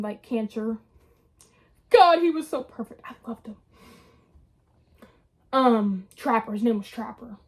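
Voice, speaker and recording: A young woman telling a story in a casual, animated way, full of slang and swearing. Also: fairly high pitch. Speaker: vlogger.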